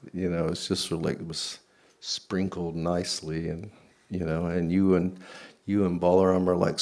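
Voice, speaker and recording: A man's voice: low-pitched, a little mellow. A man doing a fond, rambling devoted companion. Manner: casual, rambling with fillers. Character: devoted male companion, reminiscing fondly.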